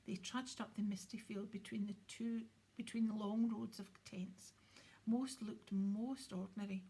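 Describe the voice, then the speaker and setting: A woman reading an audiobook in a soft, hushed, breathy whisper. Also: medium pitch, fairly even intonation, a little slow. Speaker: audiobook reader.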